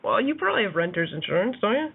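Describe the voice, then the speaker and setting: A woman's voice: medium pitch, big pitch swings, very fast, creaky, husky. A woman panelist on a call-in show, teasing and dry. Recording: tinny line with faint noise.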